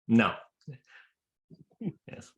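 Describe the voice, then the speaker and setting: A man's voice: very slow, highs cut off. A man teaching square dance calling to a class in a chatty, joking way with many restarts. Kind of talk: presentation to a class of callers. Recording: roomy echo.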